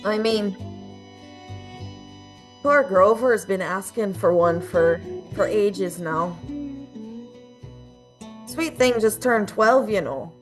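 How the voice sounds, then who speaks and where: A woman voicing a kindly, worried female half-orc servant in a tabletop game, speaking gently and hesitantly. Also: medium pitch, slow, pauses often, soft background music, lightly acted. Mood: gentle, protective.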